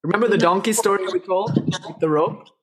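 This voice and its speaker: A man telling a teaching story in a casual, animated way. He laughs often and drifts off on tangents. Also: high voice, a little fast.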